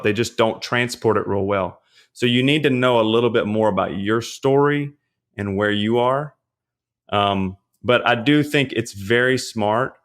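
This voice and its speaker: Speaking with a fairly low pitch, this man, both a pastor and a fitness trainer, chats easily as a podcast guest about nutrition. He keeps things relaxed and casual, leaning on fillers and often asking "you know what I mean?"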